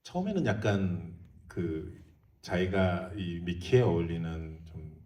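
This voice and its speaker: Middle-aged man, Korean accent, very low voice, very rapid speech, echoey theater hall, distant mic. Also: animated, a little mellow. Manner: rapid, laughing, halting restarts in English. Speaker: film director. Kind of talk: Q&A answers mixing Korean and English.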